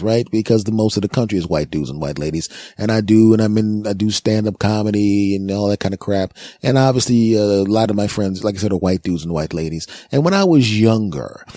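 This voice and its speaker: A man's voice: on the low side, dry recording, studio quality. A man in his forties doing a comedy monologue as a podcast host, telling stories and acting out the people in them. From United States. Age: 40s. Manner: animated storyteller, acts out other voices, repeats words for effect.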